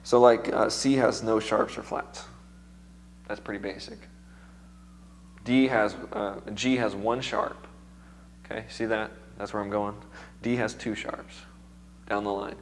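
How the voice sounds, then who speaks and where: A man's voice: lowish voice, steady tone, unhurried, long pauses, slight background noise. A man with a strained, recovering voice, teaching music theory to a seminar class in a casual, chatty way and quizzing the students.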